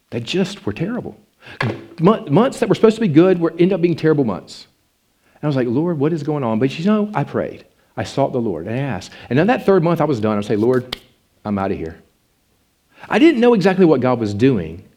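Animated man preaching, mellow voice. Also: a little fast. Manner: animated, rising to passionate pleading then dropping low. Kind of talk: sermon with personal testimony.

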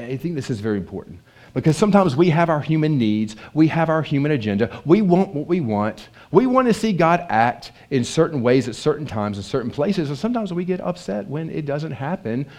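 Brisk and a little high in pitch, a man's voice carries an animated sermon delivered conversationally. He repeatedly turns to his listeners with questions.

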